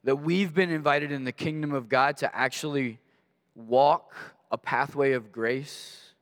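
Male guest preacher, mid-pitched, lively storyteller, big hall reverb. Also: unhurried. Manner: animated storyteller, acts out voices in anecdotes. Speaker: guest pastor. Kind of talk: storytelling sermon. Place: church sanctuary. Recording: long reverb of a large hall.

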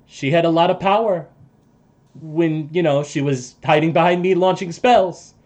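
A man narrating and voicing characters as game master of a tabletop game, casual and halting. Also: on the high side, a little mellow, lo-fi sound.

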